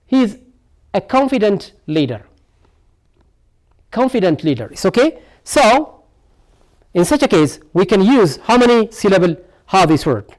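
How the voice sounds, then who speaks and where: A man's voice: high-pitched, sing-song, a little slow, pauses often, a little mellow. A man teaching an English lesson, drilling each word over and over and asking rhetorical "what?" questions. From Ethiopia. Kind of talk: televised classroom lesson.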